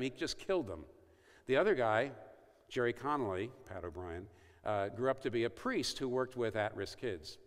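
A man giving an evangelistic talk to a university audience, telling stories and acting out quoted lines. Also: mid-range voice. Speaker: speaker at a university event. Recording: reverberant hall.

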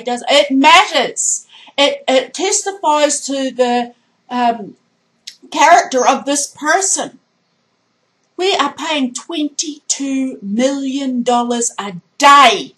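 A woman's voice: sits high, lively intonation, slow pace, fairly bright tone, low-quality recording. A woman vlogging a heated political rant, indignant and emphatic, hammering her points by repeating them. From Australia.

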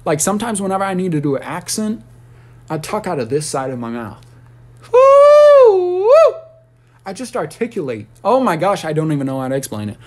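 A man ranting on a casual livestream, rambling and profane, with sudden high squeals and shouts. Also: very animated, fast talker.

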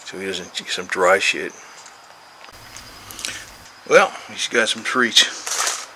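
A man's voice: sits low, slow pace, sharp tone, slight background noise, low-quality recording. A man in his sixties rambling casually and cursing freely while coaxing his cat outdoors. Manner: meandering, profane, coaxing talk to the cat. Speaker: vlogger, cat owner.

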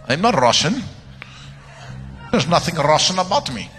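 An American man preaching as a church guest is very animated, speaking a little slowly in a voice on the high side with a fairly bright tone. He rambles through playful personal stories in a joking sermon, laughing at his own jokes, recorded in a large sanctuary with long reverb and music.

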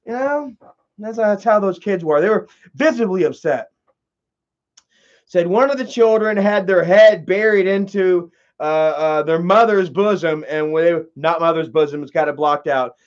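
Rambling, profane young man with a high voice. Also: normal speed. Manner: profane, rambling, laughs often. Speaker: commentary vlogger. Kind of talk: casual rambling commentary. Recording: dull lo-fi audio.

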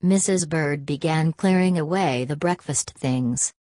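A woman reading a children's story aloud in a measured, expressive way. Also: deep voice, dry recording. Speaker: audiobook reader. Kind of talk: storybook narration.

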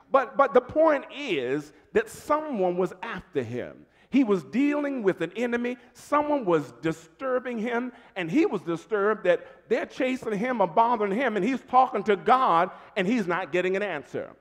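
Animated preacher in a reverberant church. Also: male voice, high-pitched. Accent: American. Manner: animated preaching, calls to congregation. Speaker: pastor. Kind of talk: sermon. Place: church sanctuary.

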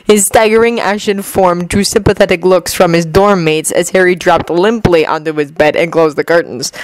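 A woman narrating a fan fiction audiobook at a middle pitch. She tells the story steadily and evenly. The recording is close and dry, with no room sound. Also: dry recording, low-quality recording.

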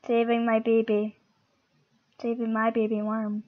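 A playful woman chats her way through a game, talking back to the other players and her viewers. Her voice sits fairly high, and the lo-fi recording sounds dull and muffled. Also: monotone, unhurried. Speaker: gamer. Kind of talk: casual gameplay commentary.

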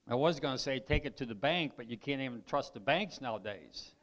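A man preaching a sermon as pastor, his voice tired and weakening, who clears his throat, reads scripture aloud and repeats lines for emphasis. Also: mid-range voice, animated, fairly quick, fairly bright tone. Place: church.

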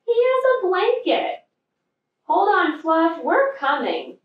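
A woman's voice: sits high, takes it slowly, highs cut off, pitched above the performer's own voice, full character voice. A woman voicing a cheerful young male bear cub who exclaims a lot, in a storybook read-aloud. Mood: excited. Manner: excited, exclaiming. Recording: echoey room from far off.

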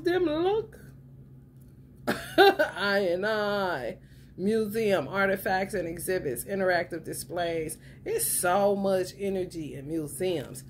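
A woman chatting casually to her viewers as a tarot reader, animated and profane, breaking into excited retellings. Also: slight background noise. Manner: animated, profane, swings into excited high-pitched retellings with laughter. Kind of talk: casual spiritual chat to viewers.

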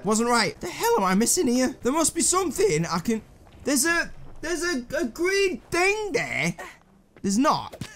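A young man chatters through a puzzle game, high-voiced and swinging widely in pitch. He swears freely, mocks his own mistakes and talks back to the characters on screen. Faint game music plays underneath. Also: fairly bright tone. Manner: swearing, self-mocking, talks to himself and the characters. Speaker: gameplay commentator. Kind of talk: casual let's-play commentary.

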